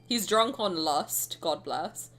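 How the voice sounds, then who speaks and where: A woman's voice: lowish voice, animated, slow pace, a bit bright. A woman streamer chatting and joking casually while reading game dialogue aloud. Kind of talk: casual gaming commentary. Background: faint game music.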